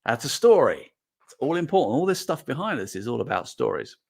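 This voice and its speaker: A middle-aged man hosts a casual livestream, chatting and reading out comments as an animated, rambling storyteller. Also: mid-range voice, a little fast, vocal fry. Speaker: host.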